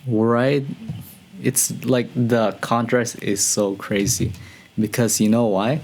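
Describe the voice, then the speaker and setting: A man hosting a music reaction video, talking casually and excitedly to his viewers and often breaking into higher, louder exclamations. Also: slow pace. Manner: excitable, slangy, talks to viewers as "bro".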